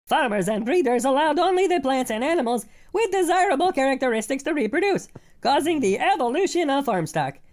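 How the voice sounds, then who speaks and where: A text-to-speech voice doing a creepy cartoon bear that recites textbook lines in a high, steady tone. The reading is flat and even, with no pauses for effect.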